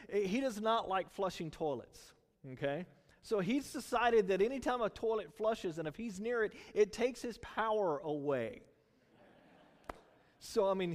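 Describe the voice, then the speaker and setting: A middle-aged man preaching a sermon in a church, in a conversational, animated storytelling manner. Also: high voice, big-room sound. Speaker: pastor.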